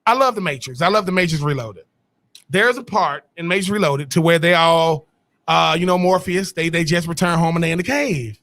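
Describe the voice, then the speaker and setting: A man with a high, bright voice co-hosts a sports talk show. He rambles through casual debate, restarting sentences and dropping slang as he goes. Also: fairly quick. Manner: rambling, restarts often, Southern-tinged slang. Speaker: sports podcast co-host.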